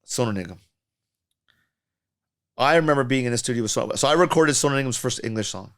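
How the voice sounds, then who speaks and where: A man's voice: mid-range voice, fast. A man who works as a music producer, chatting casually on a podcast and telling studio stories in a loose, storytelling way. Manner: storytelling, animated when imitating others.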